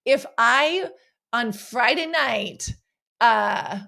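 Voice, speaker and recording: Woman podcast coach, bright and slightly high voice, peppy and playful, casual solo delivery. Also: drawn-out words, gravelly. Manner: energetic and playful, often ends points with "right?".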